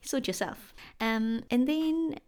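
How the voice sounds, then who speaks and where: A woman's voice: high voice, lively intonation, slow, darkish tone. A young woman from India, hosting a casual podcast monologue and acting out bits of dialogue. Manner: chatty, acts out quoted dialogue with laughing asides. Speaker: podcast host.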